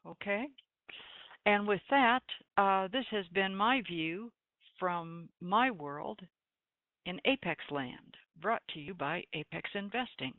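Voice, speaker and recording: A woman's voice: medium pitch, animated, takes it slowly, dry recording. A woman hosting a live trading webinar, giving folksy, chatty market commentary with dry sarcastic asides. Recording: tinny phone-like line, dry.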